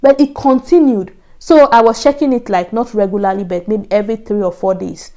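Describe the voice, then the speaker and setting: Nigerian woman telling her story, mellow voice. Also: medium pitch, fairly quick. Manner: earnest storytelling, acts out her own past thoughts in soft asides. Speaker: vlogger. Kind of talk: casual storytelling to camera.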